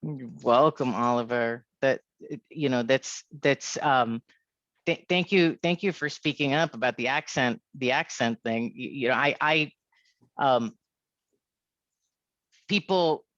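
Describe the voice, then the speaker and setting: A woman from India with an American accent leading an online leadership workshop, lively and checking in with a frequent "right?". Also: very deep voice, measured pace, dry recording, lo-fi sound. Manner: lively, keeps asking "right?".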